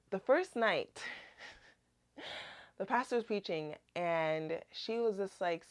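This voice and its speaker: A woman's voice: fairly low pitch, slow pace, pauses often, smooth. A young woman, chatting animatedly through a personal testimony full of "like"s. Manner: chatty, animated retelling with many "like"s. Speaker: Christian vlogger. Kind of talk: casual testimony storytelling.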